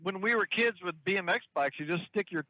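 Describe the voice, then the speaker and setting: A middle-aged man with a fairly high voice co-hosts a radio chat, sounding relaxed and joking. His voice is recorded close and dry, with no room echo. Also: fairly quick.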